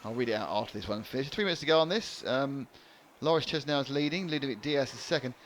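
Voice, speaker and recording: A man calls a race live in a chatty, joking way. His voice sits at an ordinary middle pitch, and a faint hum of noise runs behind him. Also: fast talker. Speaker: race commentator. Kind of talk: live commentary. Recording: light background noise.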